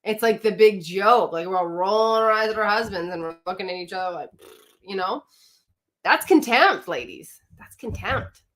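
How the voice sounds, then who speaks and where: A woman's voice: medium pitch, steady tone, brisk. A woman marriage coach giving a live coaching talk, speaking directly and emphatically and often putting questions to her audience.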